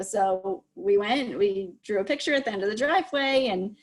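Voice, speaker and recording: A woman's voice: mid-range voice, moderate pace. A woman giving practical advice in an easygoing, encouraging way over a video call, laughing easily. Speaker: speech-language advisor. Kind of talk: casual advice chat.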